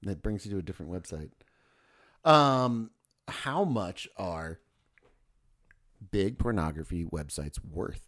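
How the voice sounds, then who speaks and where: A man's voice: deep voice, lively intonation, slow pace, long pauses, a bit bright. A man co-hosting a casual podcast chat, rambling and crude, joking and restarting his sentences. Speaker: podcast co-host.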